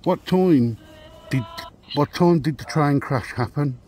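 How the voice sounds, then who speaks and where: A man's voice: a little high, darkish tone, faint music behind. Brummie man calling out to spirits. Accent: Birmingham. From Birmingham, England. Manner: slow, coaxing, polite questioning. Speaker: paranormal investigator. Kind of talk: calling out to spirits on a ghost hunt. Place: outdoors at night by a railway track.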